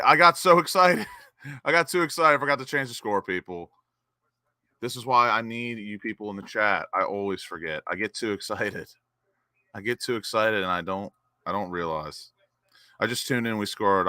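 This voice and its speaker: Excitable young man hosting a watch-along. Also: on the low side, clean tone, no echo, clean studio sound. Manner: excitable, reads chat names and cheers goals. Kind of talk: live-stream match watch-along chat.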